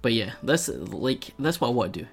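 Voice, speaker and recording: Man, Scottish accent, gravelly voice, rambling podcast chat, faint music behind. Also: medium pitch, very animated, fairly quick. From Scotland. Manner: rambling, goes off on tangents. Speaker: guest streamer.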